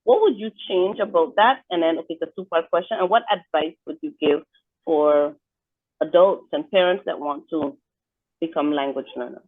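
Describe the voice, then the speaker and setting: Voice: mid-range voice, moderate pace, no room sound. An interviewer in a casual chat who encourages the guest and laughs along with her stories. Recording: tinny phone line.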